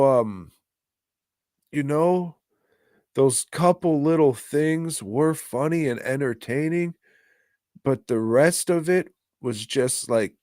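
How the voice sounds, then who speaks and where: A man's voice: medium pitch, darkish tone, dry recording, clean studio sound. A man co-hosting a podcast, giving a rambling, profane and exasperated movie review in casual chat. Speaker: podcast co-host.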